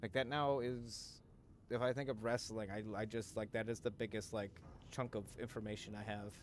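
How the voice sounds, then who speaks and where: A man's voice: fairly low pitch, level tone, normal speed, a little hiss or hum. A man streaming live, chatting casually with his viewers in a rambling, joking way, full of fillers, restarts and casual swearing. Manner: talks to chat, many fillers and restarts. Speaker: livestreamer.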